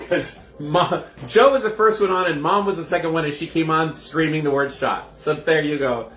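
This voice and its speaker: A man chats directly with viewers while hosting a laid-back cocktail show from his home, recorded in an echoey room with soft background music. His voice is on the high side, a bit bright, at a normal pace.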